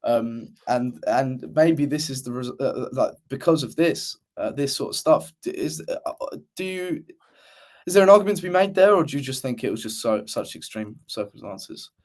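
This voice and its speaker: A man's voice: mid-range voice, animated, normal speed. A man co-hosting a football podcast, chatting casually with many restarts and fillers. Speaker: podcast co-host. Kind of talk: casual chat.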